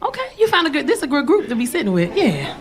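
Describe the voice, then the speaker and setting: A woman's voice: high voice, wildly swooping pitch, fast talker. A middle-aged woman doing stand-up comedy on a club stage, blunt and profane, teasing the audience into a handheld mic. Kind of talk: stand-up comedy set with crowd work. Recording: live club with loud audience laughter.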